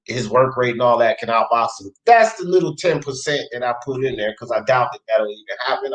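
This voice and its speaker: A man's voice: medium pitch, low-quality recording. A male sports talk host on a live boxing stream, reading viewers' chat comments aloud in a loose, slangy way and laughing often.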